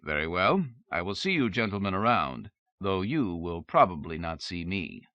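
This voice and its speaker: A man's voice: low voice, sing-song, normal speed, dry recording. A man playing a commanding, formal male inventor who speaks in a clipped way, in a dull, dry recording.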